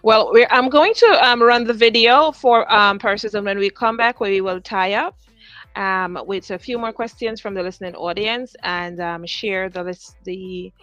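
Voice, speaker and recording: A woman's voice: medium pitch, normal speed, fairly bright tone, no echo, faint music behind. A woman hosting a show, asking interview questions hesitantly with many "um" fillers. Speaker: radio show host. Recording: dry, dull lo-fi audio.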